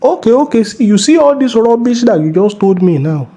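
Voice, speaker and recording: A man's voice: very high voice, big pitch swings, brisk, dark tone, husky, heavily acted. A man with a Nigerian accent playing a bossy, mocking middle-aged police officer in a comedy skit. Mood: scolding. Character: bullying middle-aged male traffic cop.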